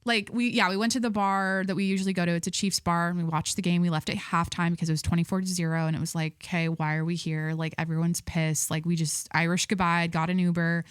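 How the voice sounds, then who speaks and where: A woman's voice: lowish voice, little pitch movement, fast talker, hardly any pauses, clear, resonant tone, no echo, clean studio sound. A young adult woman hosting a podcast in casual, rambling chat, full of "like" and restarts. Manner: rambling, filler-heavy, self-interrupting. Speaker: podcast host.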